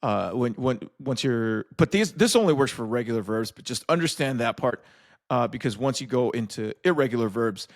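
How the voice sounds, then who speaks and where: A man's voice: medium pitch, lively intonation, moderate pace. A young man hosting a casual Spanish lesson, joking loosely with many fillers and restarts. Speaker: Spanish teacher and host.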